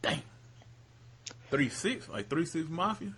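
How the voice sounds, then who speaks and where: A man co-hosting a casual sports chat, laid-back and quick to chime in with agreement. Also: a little high, big pitch swings, fairly bright tone, slightly rough. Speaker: podcast co-host.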